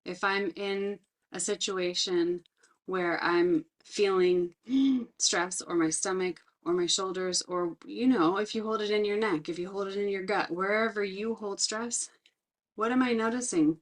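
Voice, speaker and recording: A middle-aged woman trainer, speaking in an earnest, reflective way about her own life and teaching skills, slowing down to stress key words. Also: medium pitch, fairly even intonation. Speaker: resilience trainer. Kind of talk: personal talk with teaching.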